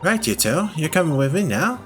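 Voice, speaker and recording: Bossy brash young policewoman in a game, high and punchy, read by a man. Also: very animated, fairly quick, a bit bright, soft background music.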